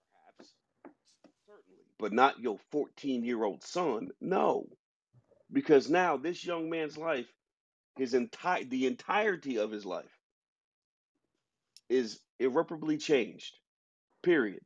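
A man's voice: medium pitch, expressive, measured pace, long pauses, breathy edge, no echo. A man hosting a podcast, arguing his view emphatically in an opinionated discussion. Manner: emphatic, argumentative. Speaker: podcast host. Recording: dull lo-fi sound.

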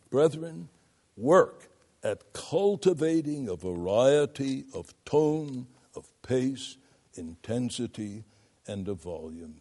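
An older man lectures preachers on voice and diction. His pitch climbs and drops through a wide range, and he speaks slowly and deliberately, pressing down on key words. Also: a little mellow. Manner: reads quotations aloud, spells words out, shifts volume for emphasis.

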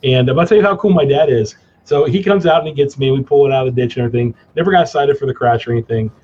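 A man guest in a casual interview, telling stories in an animated way, laughing and acting out his father's gruff lines. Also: medium pitch, racing, muffled recording, slight background noise. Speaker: cigar company guest.

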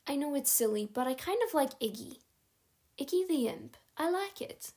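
A woman voicing a gentle, caring young girl in a read-aloud chapter book. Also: high-pitched, expressive, normal speed, voice pushed up. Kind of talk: audiobook character reading.

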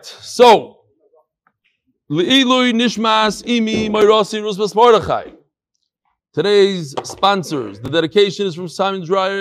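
A man with a high-pitched voice for his sex, exuberant as he leads a class and calls people to come up. His talk is full of Yiddish and Hebrew terms, and the sound is close and dry with little room echo. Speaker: Talmud class leader. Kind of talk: lively announcements before a live class.

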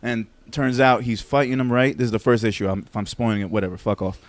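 A man's voice: mid-range voice, quick pace, no echo. A man co-hosting a podcast, chatting casually and joking with a lot of swearing and laughter while using a back massager. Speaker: podcast co-host. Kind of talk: casual chat.

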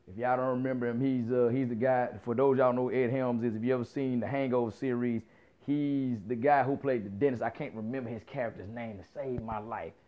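A man giving a casual opinion monologue, blunt and profane, repeating himself for emphasis as he rants. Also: mid-range voice. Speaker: commentator. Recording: dull lo-fi sound.

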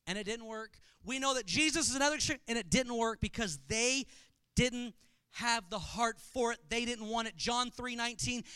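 Pastor, male, high bright voice, smooth and crisp, dry close sound; animated, joking sermon delivery. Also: dry recording. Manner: animated storytelling with humor.

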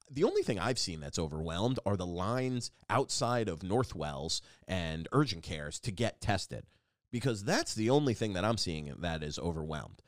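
A man's voice: on the low side, big pitch swings, normal speed, no room sound, clean studio sound. A man hosting a casual solo podcast, rambling and self-deprecating with lots of restarts. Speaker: podcast host.

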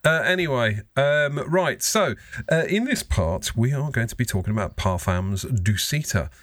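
In casual chat on a podcast, a male co-host rambles, jokes and swears freely. His medium-pitched voice has lively intonation, a moderate pace and a fairly bright tone, recorded at studio quality with no room sound.

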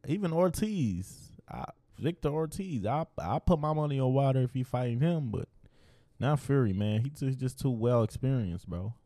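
A man's voice: mid-range voice, expressive, moderate pace, dark tone, no room sound, studio quality. A man in casual chat with friends, laid-back and slangy, talking sports. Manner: laid-back, slangy, mimics others in quotes.

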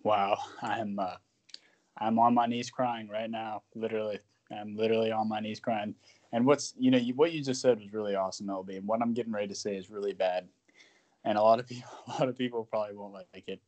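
A man co-hosting a sports podcast, talking in a joking, animated way and sometimes dropping to a whisper. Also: fairly low pitch, fairly quick. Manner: animated, jokey, drops to a whisper at times. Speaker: podcast co-host. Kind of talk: casual sports podcast chat.

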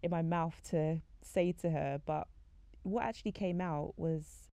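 Chatty young woman with a gravelly, low voice. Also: steady tone, unhurried, mellow, dry recording. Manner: chatty, frequent "like" fillers, acts out quoted conversations. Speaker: faith podcast speaker. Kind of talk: casual faith talk monologue.

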